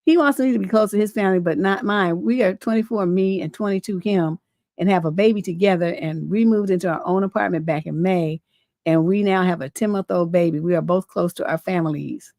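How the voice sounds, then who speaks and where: Blunt, profane woman coach, low voice. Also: a little fast, darkish tone, no room sound, studio quality. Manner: blunt and profane, rambling with many fillers. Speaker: relationship coach and livestream host. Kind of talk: casual livestream chat and reading viewer letters.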